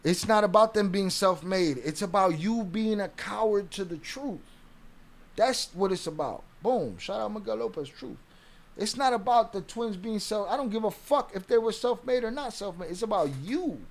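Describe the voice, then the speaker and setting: Brief: high-pitched male streamer, profane and confrontational, live reaction commentary. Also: moderate pace. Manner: profane, confrontational ranting at a viewer.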